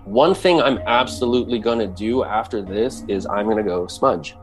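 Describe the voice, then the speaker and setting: A man's voice: fairly low pitch, normal speed, faint music behind. A man speaking earnestly in a conversational way about culture, with frequent restarts. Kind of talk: casual talk.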